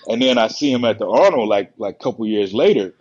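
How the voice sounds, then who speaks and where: A man who is a bodybuilder and podcast guest, telling stories in a relaxed, rambling way and acting out the quotes. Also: on the low side, fast talker, slightly rough. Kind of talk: casual storytelling on a podcast. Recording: muffled lo-fi podcast audio.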